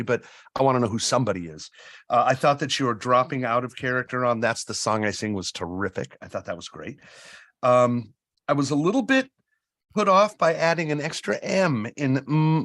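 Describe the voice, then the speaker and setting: A man who is a casting director, judging a voice-over contest with measured critique full of pauses and "um"s. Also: medium pitch, a bit bright, dry recording. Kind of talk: live feedback to a contestant.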